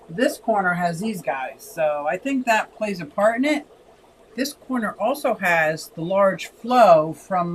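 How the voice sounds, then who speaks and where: A woman's voice: medium pitch, slight background noise, poor audio. Chatty woman hosting a fish livestream. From Pennsylvania, USA. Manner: chatty and expressive, often sways between lively and soft. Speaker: livestream host. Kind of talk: casual livestream chat, reading comments.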